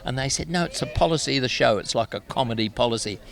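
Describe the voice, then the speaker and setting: A man's voice: medium pitch, quick pace, vocal fry, fairly bright tone. Older Australian man telling stories. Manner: chatty anecdotal, laughs at himself. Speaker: guest musician. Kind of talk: casual interview storytelling.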